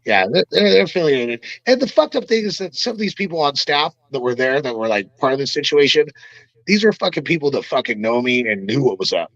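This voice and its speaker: A man's voice: mid-range voice, expressive, fairly quick, a bit bright, no room sound, dull audio. A man telling a story as a podcast guest, in a rambling, profane and emphatic way. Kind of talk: casual storytelling.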